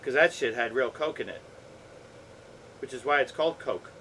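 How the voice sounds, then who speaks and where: A man's voice: mid-range voice, normal speed, sharp tone, slight background noise, low-quality recording. A man streaming a game, chatting casually with viewers in a laid-back, playful way and swearing often. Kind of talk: casual chat with chat while gaming.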